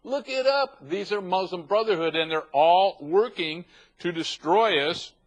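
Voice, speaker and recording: A man's voice: sits high, unhurried, poor audio. Emphatic ranting male show host. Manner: emphatic, ranting, stacks long lists. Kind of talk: opinionated show commentary.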